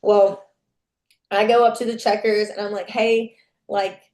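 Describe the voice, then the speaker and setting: A woman's voice: mid-range voice, little pitch movement, moderate pace, a little mellow. A young adult woman, a podcast guest, tells a personal story frankly, swearing freely and acting out what people said. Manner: candid, profane, reenacts dialogue. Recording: echoey room.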